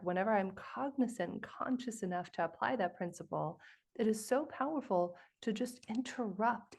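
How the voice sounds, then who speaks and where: A woman's voice: mid-range voice, a little mellow. A woman hosting a podcast, speaking earnestly and enthusiastically to her guest. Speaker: podcast host. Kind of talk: conversational podcast interview.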